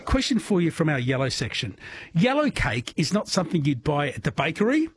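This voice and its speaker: An Australian man runs a phone-in quiz on overnight radio in a chatty, jokey way, cheering his callers on. His voice sits a little high and has a husky edge. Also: sing-song, a little fast. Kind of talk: casual overnight radio chat.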